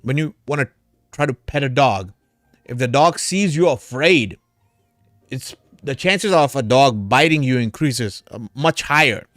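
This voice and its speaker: A man's voice: mid-range voice, animated, measured pace, fairly bright tone, no room sound, clean studio sound, faint music behind. Tipsy man rambling on a livestream. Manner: rambling storyteller, calls viewers brother and man. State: tipsy from drinking. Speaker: crypto livestream host. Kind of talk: casual livestream chat.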